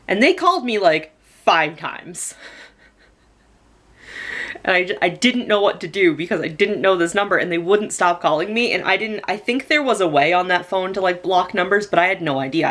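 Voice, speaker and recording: A woman's voice: fairly low pitch, fairly bright tone. A young woman telling a personal story to the camera in a casual, chatty vlog style, with frequent "like" fillers. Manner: chatty, lots of "like" fillers, laughs while telling. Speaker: storytelling vlogger.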